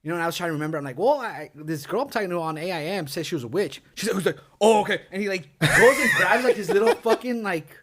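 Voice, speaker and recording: A young man co-hosting a podcast, telling a story in casual chat, animated and swearing often, acting out his screams. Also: high-pitched, quick pace, few pauses. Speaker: podcast co-host.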